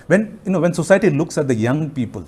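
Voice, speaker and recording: A young man from Nigeria preaching a sermon, fervent, with slow emphatic phrases and frequent hallelujahs. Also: fairly high pitch, darkish tone, breathy edge.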